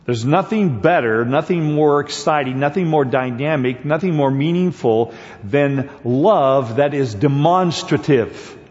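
Male preacher, slow, halting delivery, muffled lo-fi recording in a reverberant sanctuary. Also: fairly high pitch, darkish tone. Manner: halting, many fillers and restarts; grows emphatic and repetitive at points. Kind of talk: sermon. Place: church sanctuary. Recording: dull lo-fi sound with long hall reverb.

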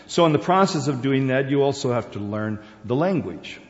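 Man raised in Asia, relaxed rambling talk to a group, long hall reverb, muffled sound. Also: mid-range voice, normal speed. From Korea, Borneo and Singapore. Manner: rambling, conversational, with many fillers and restarts. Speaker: speaker. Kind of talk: informal personal talk.

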